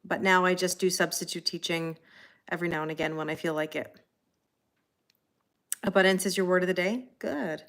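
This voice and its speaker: A middle-aged woman hosting a live tarot reading, talking casually with a somewhat low voice. She chats easily, greets viewers one after another by name, and fills her pauses with ums and soft laughs. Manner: chatty, greets viewers by name, many fillers and light laughs. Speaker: tarot reader on a livestream. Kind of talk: live-stream casual chat.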